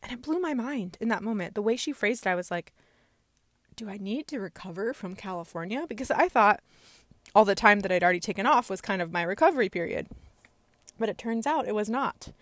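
A woman's voice: medium pitch, expressive, quick pace, fairly bright tone, dry recording, studio quality. A woman candidly telling a personal story in a reflective way, with many fillers.

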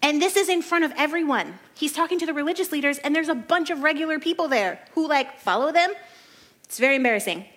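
A woman's voice: high-pitched, fast talker. Chatty woman teaching the Bible. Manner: chatty and animated, laughs often, says "like" a lot. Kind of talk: casual Bible study teaching.

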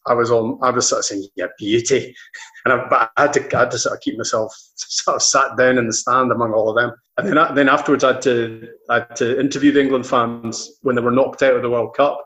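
A man's voice: medium pitch, fairly even intonation, quick pace, bright, forceful tone. A middle-aged Scottish man, a football commentator, telling anecdotes in a rambling interview, with many restarts. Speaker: football commentator and presenter, guest. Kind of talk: casual interview chat.

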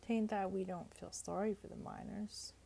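A woman's voice: medium pitch, fairly even intonation, moderate pace, creaky, warm tone. A woman reading aloud, voicing a hearty, agreeable older working-class father.

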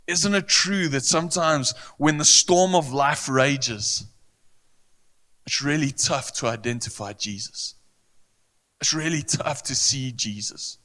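A man's voice: medium pitch, pushed and bright. A man preaching a sermon, earnest and emphatic, often repeating phrases for weight. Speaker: pastor.

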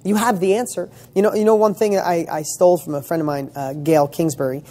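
A fairly high, warm voice with fairly even intonation carries this coach's motivational talk to real estate students at a fairly quick pace. He speaks emphatically, piles on rhetorical questions and swears casually.

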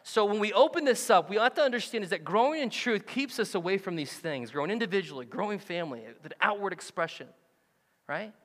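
Animated high-voiced preacher in a hall. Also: male voice, a little fast. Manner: animated and joking, acts out quoted voices. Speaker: pastor. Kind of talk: sermon. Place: church sanctuary.

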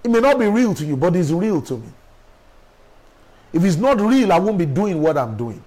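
High, animated male preacher. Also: normal speed, pauses often, poor audio. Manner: emphatic preaching with rhetorical questions. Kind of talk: sermon.

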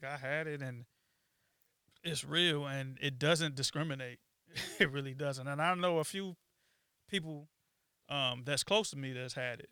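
Podcast guy, bright clear voice, lots of ums, thinking out loud, dry mic. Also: medium pitch, no echo. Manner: reflective, halting with many ums and restarts. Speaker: podcast co-host. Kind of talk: casual chat.

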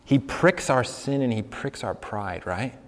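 A man's voice: medium pitch, expressive, measured pace. Young male preacher, conversational sermon, questions to the room, long hall reverb. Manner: conversational, asks the congregation questions, laughs along. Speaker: pastor. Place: church hall with congregation.

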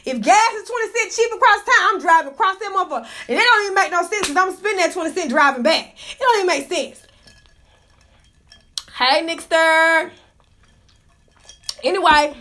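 Recorded indoors on a phone mic, a livestream host with a very high, piercing, sharp, and bright voice rants through casual gossip. She swears freely, gets fired up, and laughs a lot.

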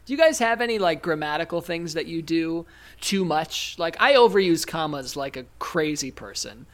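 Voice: medium pitch, animated, moderate pace. A podcast host in casual chat, playful and rambling, laughing often between thoughts.

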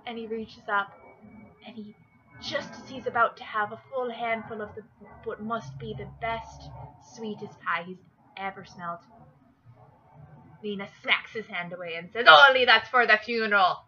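A woman hosting a podcast, telling jokes in an animated, chatty way. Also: medium pitch, moderate pace, long pauses, highs cut off, slight background noise. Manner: animated, jokey storyteller with fillers. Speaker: podcast host. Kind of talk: casual joke-telling chat.

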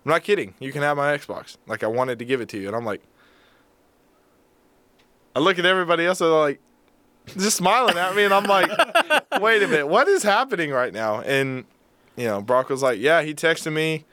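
A man's voice: a little high, moderate pace, dry recording. Young man telling a story, self-mocking. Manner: animated storyteller, acts out quotes, self-mocking. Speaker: podcast co-host. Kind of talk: casual storytelling chat.

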